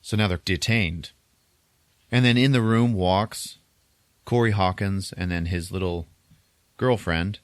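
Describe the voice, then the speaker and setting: A man retells a movie to his co-hosts in a loose, chatty way, laughing often and acting out quotes from it. His voice is very low and deep. The recording is dry and close, with no room sound. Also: a little slow, long pauses, clean tone, no room sound. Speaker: podcast host. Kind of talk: casual movie recap.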